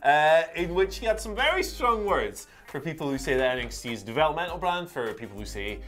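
A man co-hosting a wrestling news show in a relaxed, chatty way, with quick asides and easy laughter. His voice sits a little higher than most men's. Soft music plays faintly beneath. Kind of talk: casual news chat.

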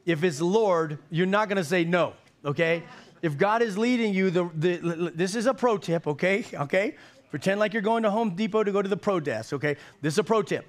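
A man in his fifties preaching to a congregation with a voice a touch higher than most men's. He talks in a folksy, joking way, often doubling back and repeating words before he lands a point. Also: fairly quick. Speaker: pastor. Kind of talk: sermon.

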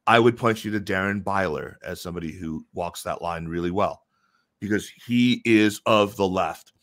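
A man being interviewed, explaining his points in a measured, thoughtful way with pauses and restarts. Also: low-pitched, fairly bright tone, no echo, clean studio sound. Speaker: interview guest. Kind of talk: casual conversational interview.

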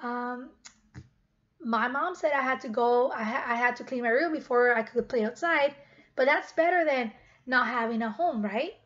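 A woman reading a picture book aloud to children, stopping often to ask them gentle questions. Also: fairly high pitch, normal speed, lo-fi sound.

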